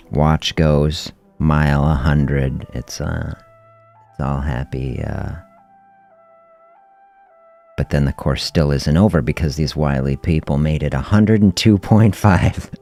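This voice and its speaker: A middle-aged man with an extremely low voice hosts a fasting health podcast during a casual livestream. He tells a story in a relaxed, reflective manner, chuckling often.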